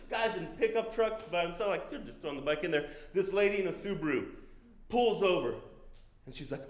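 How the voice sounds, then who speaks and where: A man's voice: sits high, lively intonation, quick pace, roomy sound. A man telling a true story at a live storytelling show, casual and profane, acting out other people's lines. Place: comedy stage before a live audience.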